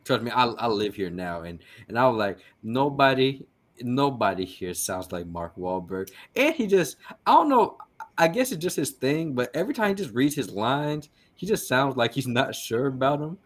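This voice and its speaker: A man's voice: medium pitch, lively intonation, moderate pace. A man who is a guest on a podcast, chatting casually in a rambling way, swearing and stammering through restarts.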